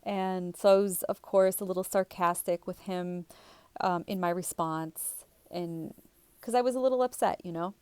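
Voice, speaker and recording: Woman with a low voice, chatty storytelling. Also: steady tone, moderate pace, a little mellow, clean tone, dry recording. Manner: chatty, rambling, with fillers and restarts. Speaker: spiritual vlogger. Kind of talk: casual storytelling to viewers.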